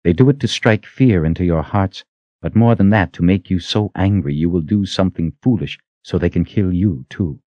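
A man voicing a stern, protective woman leader who gives firm, measured orders in an audiobook. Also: low voice, mellow, no room sound, dull audio, lightly acted. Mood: gentle.

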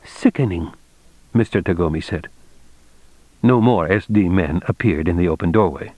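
A man narrating an audiobook in a steady, measured reading. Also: deep voice, no echo.

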